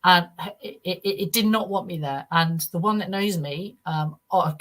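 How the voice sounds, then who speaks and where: Earnest, halting woman, low voice. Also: fairly bright tone. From United Kingdom. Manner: earnest, halting storytelling with frequent restarts. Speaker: guest. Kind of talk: first-person account in a podcast interview.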